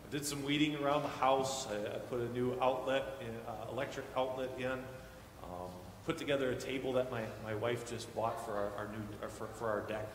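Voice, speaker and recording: A man in his thirties preaching a sermon as guest preacher, telling family stories with animated quoted voices. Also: medium pitch, a little fast, a little hiss or hum. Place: church sanctuary. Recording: echoey hall with long reverb.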